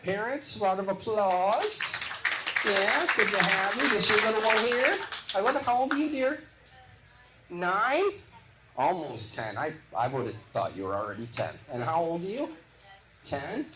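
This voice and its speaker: Stand-up comedian working a noisy room. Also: male voice, high voice. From Midwest of the United States. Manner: quick, punchy delivery, chatting with audience members. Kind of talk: live stand-up comedy with crowd work. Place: live comedy show venue. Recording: echoey live venue with loud crowd noise. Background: audience laughter and applause.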